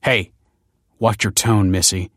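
Brief: male narrator doing an anxious middle-aged father, defensive, dry low voice. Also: fairly even intonation, slow, a bit bright, no echo. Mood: stern.

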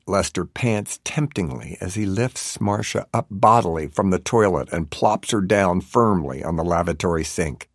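A man narrating an audiobook chapter with a wry, deadpan delivery. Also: low voice, normal speed, few pauses, no room sound, clean studio sound.

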